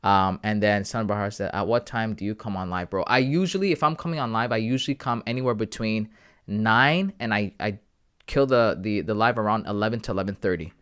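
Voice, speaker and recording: A man from Canada hosting a casual live stream. He chats with his viewers in a relaxed, friendly way about his trading, often calling them bro and man. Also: fairly low pitch, fairly quick, clean tone. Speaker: livestream host sharing trading analysis.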